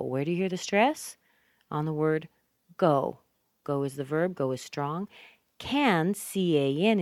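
A woman with a North American accent teaching English pronunciation, repeating example phrases slowly with exaggerated stress. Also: deep voice, a little mellow, no room sound, studio quality. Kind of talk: scripted pronunciation lesson.

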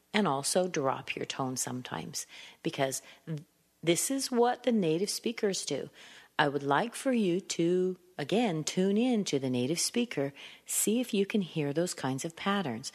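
A woman from California, an accent trainer teaching English pronunciation with a clear, deliberate delivery, showing each point with her own voice. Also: fairly low pitch, very animated, a little mellow, in a large hall.

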